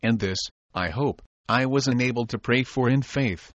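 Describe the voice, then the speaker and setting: Man, audiobook narrator, measured and solemn diary reading, dry close sound, slightly muffled lo-fi recording. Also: medium pitch, a bit bright, no echo. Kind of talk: reading an old diary aloud.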